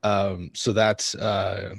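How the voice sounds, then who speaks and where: A man playing a tabletop game, talking in a thoughtful, halting way and correcting himself. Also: sits low, level tone, gravelly, breathy edge, dry recording, studio quality. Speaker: player. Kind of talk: casual tabletop play.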